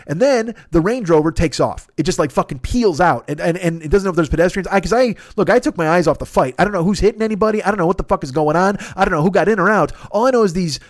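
A man with a high voice tells a comedic story on his podcast, swearing freely and bringing the story to life. He acts out every side of the argument himself. The sound is close and dry, with no room around it. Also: fast talker, hardly any pauses, no echo. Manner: profane, animated, acts out both sides of the dialogue. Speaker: podcast host.

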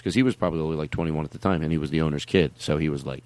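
A man's voice: extremely low pitch, very fast, a little mellow, no echo. A man hosting a comedy podcast, telling rambling stories in casual chat with many restarts. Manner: rambling storyteller, trails off and restarts. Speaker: podcast host.

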